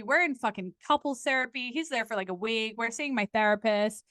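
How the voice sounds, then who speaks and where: A woman's voice: fairly high pitch, normal speed, dry recording. A young woman, telling a candid story as a podcast guest, swearing freely and acting out the people she quotes. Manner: profane, animated storytelling with quoted voices. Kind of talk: candid casual chat.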